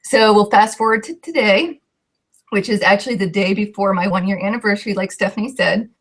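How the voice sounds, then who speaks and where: A woman's voice: medium pitch, brisk. A young woman, a coach, telling her personal story with heartfelt emotion and a voice that shakes at times.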